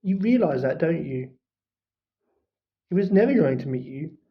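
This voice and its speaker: Hermione, a reader's brisk know-it-all schoolgirl. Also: medium pitch, expressive, close to an everyday voice. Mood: insistent scolding. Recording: dull lo-fi recording.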